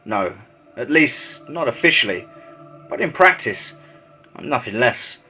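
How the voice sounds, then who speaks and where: A man voicing a sinister, controlling male mad doctor in a horror story, speaking in slow, measured, menacing tones. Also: medium pitch, lively intonation, bright, forceful tone, faint music behind, low-quality recording. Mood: cold, menacing.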